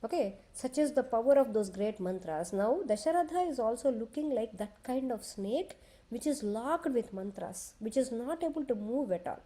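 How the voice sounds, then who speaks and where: A woman retelling a sacred epic in a devotional discourse, talking conversationally and pausing to explain for children. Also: a little high, expressive, warm tone. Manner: conversational, explains to children, frequent restarts and "okay". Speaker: scripture storyteller.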